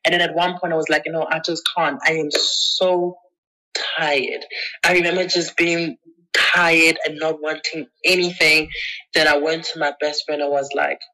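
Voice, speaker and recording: A woman's voice: fast, low-quality recording. A woman being interviewed, candidly telling a personal story with emotion and acting out past conversations in her own voice. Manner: emotional, acts out past conversations with lively pitch jumps; checks in with the listener often. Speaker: interview guest.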